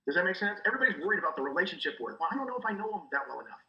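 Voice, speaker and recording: Animated, bright-voiced man coaching fast. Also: high-pitched, roomy sound, dull audio. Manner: animated, acts out quoted dialogue. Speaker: guest, real estate recruiter. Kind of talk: energetic coaching talk.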